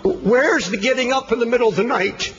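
A man preaching an impassioned sermon, firing rhetorical questions and swinging from loud cries to hushed tones. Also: very high voice, lively intonation, fairly quick. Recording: dull lo-fi archive sermon recording with faint music.

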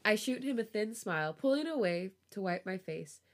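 A woman reading a romance story aloud on a podcast, with a relaxed storytelling voice. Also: medium pitch, moderate pace. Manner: laughs often, giggly reactions. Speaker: podcast host reading fan fiction aloud.

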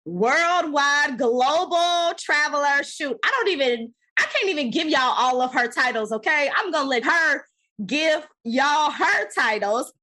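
A woman hosting a podcast interview, energetic and playful, repeating words and stretching them for emphasis. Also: high-pitched, measured pace. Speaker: podcast host.

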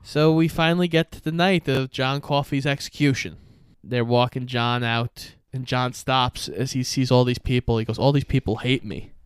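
A young man walks through a film's plot on a podcast in a casual way, dropping into the characters' lines as he goes. His voice is smooth and clear. The sound is close and dry. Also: mid-range voice, steady tone, moderate pace, no echo. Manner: plot-summarizing storyteller, acts out quotes. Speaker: podcast co-host. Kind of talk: casual movie recap chat.

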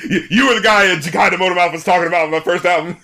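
Animated, bright-voiced man chatting on a podcast. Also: high-pitched, slight background noise. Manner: animated, laughs often, swears freely, acts out quotes. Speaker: podcast co-host reviewing albums. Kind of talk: casual chat.

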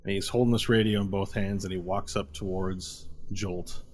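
Low-voiced game master narrating a scene. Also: male voice, fairly even intonation, a little hiss or hum. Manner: descriptive, brisk, with fillers.

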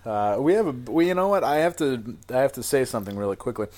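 A man in casual podcast banter, joking and swearing, breaking into laughs and restarting his thoughts. His voice sits at an ordinary middle pitch. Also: animated, quick pace, darkish tone. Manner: jokey, laughs often, swearing, trails off and restarts. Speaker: podcast co-host. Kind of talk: casual chat.

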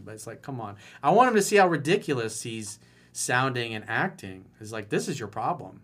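A man's voice: mid-range voice, very animated, brisk, fairly bright tone. A man giving dating advice in a blunt, mocking and profane monologue. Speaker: dating coach and author.

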